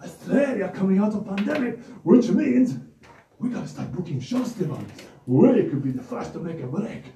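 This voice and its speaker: A giddy, boastful show-off who talks about himself in the third person and gushes in clipped, childlike phrases, as a man puts him on. The voice rides high and swoops wildly between shouts and mutters. It sounds far from the mic in a roomy, echoing space. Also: animated, moderate pace, a little hiss or hum. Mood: eager pleading. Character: excitable boastful male character, childlike broken speech. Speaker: regular character of a children's Bible show. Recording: roomy echo, distant mic.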